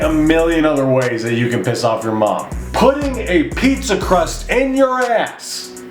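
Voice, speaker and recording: Ranting man in an echoey room. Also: on the high side. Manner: incredulous, ranting, sarcastic. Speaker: comedy commentator. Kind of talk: reacting to read-out questions.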